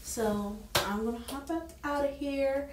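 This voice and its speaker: A woman's voice: sits high, a little slow, echoey room, far from the mic, heavy background noise. A young woman talking casually to her camera at home, rambling with lots of fillers about her evening out. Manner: rambling, filler-heavy, chatty. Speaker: vlogger. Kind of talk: casual vlog chat to camera.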